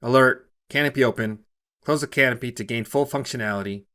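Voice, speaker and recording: A man's voice: mid-range voice, fairly quick, pushed and bright, slight background noise, natural voice. A man reading a short story, voicing a mech's robotic computer voice with clipped alert announcements. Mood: alarm announcements.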